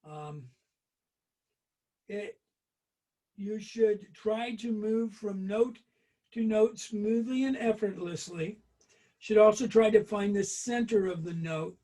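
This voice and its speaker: A man's voice: sits high, slow pace, pauses often, warm tone. A man leading a casual group brass lesson, explaining exercises in a chatty, hesitant way with many ums and restarts. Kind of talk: casual spoken music lesson.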